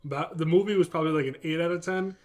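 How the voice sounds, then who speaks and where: A man's voice: fairly high pitch, fast talker. A man co-hosting a casual podcast, talking in a rambling, enthusiastic way with lots of fillers. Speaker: podcast co-host. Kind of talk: casual chat.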